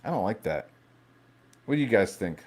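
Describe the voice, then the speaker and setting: Brief: male stream host, lowish voice, profane and rambling, casual live chat. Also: sing-song, moderate pace, darkish tone. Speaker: livestream host.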